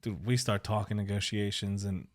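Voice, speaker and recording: A man's voice: lowish voice, level tone, moderate pace. Laid-back slangy podcast host, a man. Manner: laid-back, slangy, calls people bro and dude. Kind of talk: casual chat.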